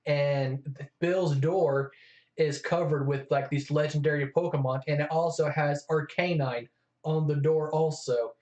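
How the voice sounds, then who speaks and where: A man's voice: fairly high pitch, fairly even intonation, a little slow, darkish tone. A man co-hosting a casual chat, talking eagerly and freely. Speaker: co-host. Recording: echoey room, dull lo-fi sound.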